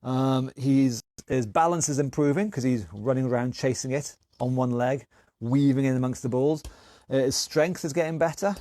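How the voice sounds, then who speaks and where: A man's voice: mid-range voice, moderate pace, dark tone, no echo. Man, fitness instructor, encouraging, counts down reps, dry close sound. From England. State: a bit out of breath. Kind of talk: live online exercise class.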